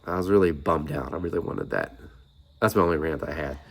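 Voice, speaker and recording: A middle-aged man chats to his viewers in a loose, rambling way. His voice sits low and deep. He drifts from one aside to the next like he's talking with a friend. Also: a little fast. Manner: rambling, chatty storytelling with asides. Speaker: vlogger. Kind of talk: casual chat.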